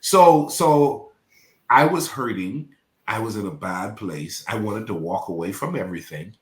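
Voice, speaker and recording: A man who is a pastor, telling a painful personal story as a podcast guest in an animated, preacher-like way. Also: lowish voice, measured pace, reverberant, a little hiss or hum. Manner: animated, preacher-like, acts out quoted voices.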